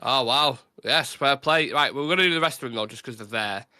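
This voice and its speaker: Man, bright tone, dry close sound, casual quiz banter. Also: medium pitch, no room sound. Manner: quick banter, reads out answers. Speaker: podcast host running a football quiz. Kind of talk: casual chat.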